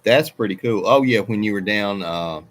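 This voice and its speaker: Speaking at normal speed in a fairly low voice, a middle-aged man runs a casual livestream. He meanders through viewer comments, cutting himself off and drifting onto tangents.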